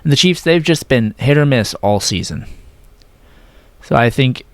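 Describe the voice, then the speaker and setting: A young man casually running through his weekly football picks, correcting himself as he goes and sometimes talking in a flat, robotic way. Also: medium pitch, a little slow, no room sound. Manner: casual, self-correcting, slightly flat delivery. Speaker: sports predictions vlogger. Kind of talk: casual sports picks talk.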